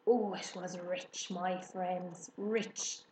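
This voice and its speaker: A woman doing a husky, bloated old rat. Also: fairly low pitch, steady tone, extremely slow, a little mellow, echoey room, slight background noise, poor audio. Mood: gloating. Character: gluttonous bloated male rat, sneering.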